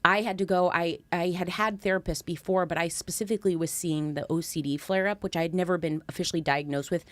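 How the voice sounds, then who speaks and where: Low-voiced woman, candid and earnest. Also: fast talker, dry recording. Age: 30s. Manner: earnest, animated when recounting, lively laughter. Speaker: guest. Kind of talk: candid conversational chat.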